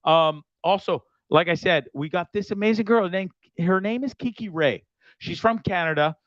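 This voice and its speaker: A man hosts his own show in a casual monologue, reading sponsor spots in a rambling, profane, joking, restless way. His voice is high-pitched and a bit bright at a moderate pace, and the audio is dull with no echo.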